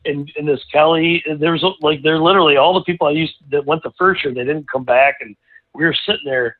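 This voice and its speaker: A middle-aged man, a guest racing driver, telling a rambling, animated anecdote in casual conversation, full of restarts. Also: on the high side, fast talker. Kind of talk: casual storytelling. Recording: tinny phone-like line.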